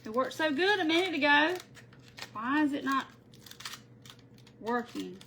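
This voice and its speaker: A woman's voice: sits high, expressive, measured pace, vocal fry, bright, forceful tone, a little hiss or hum, rough recording. A woman hosting a casual craft livestream, chatting and laughing with viewers by name while she works. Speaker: craft tutorial host.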